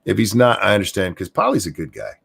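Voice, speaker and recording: A man's voice: fairly low pitch, wildly swooping pitch, fast, creaky, a bit bright, breathy edge. A tipsy man hosting a casual stream chat, crude and rambling, teasing his co-host and reading chat. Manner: crude, rambling, teasing, drinking while talking. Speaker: show host.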